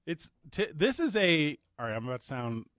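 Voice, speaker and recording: A man's voice: a little high, big pitch swings, fairly quick, fairly bright tone, dry recording. A man hosting a sports radio show, joking and bantering casually into a studio microphone.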